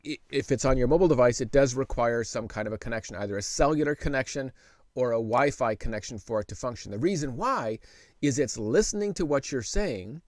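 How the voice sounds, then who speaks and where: A man's voice: mid-range voice, no echo. Dry-sounding man teaching a tech tip. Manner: relaxed and conversational, with frequent fillers and restarts; slows to speak very deliberately when dictating. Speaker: tech tutor host. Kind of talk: casual tech tutorial.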